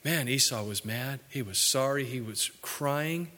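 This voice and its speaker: A man preaching a sermon earnestly, his voice rising for emphasis and dropping low for asides. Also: measured pace, pushed and bright. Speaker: pastor. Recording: hall reverb.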